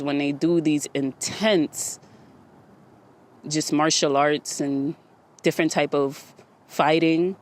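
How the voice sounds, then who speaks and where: A man hosting a solo podcast, talking in a casual, rambling way with plenty of slang, sounding out of breath. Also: a little high. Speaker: podcast host.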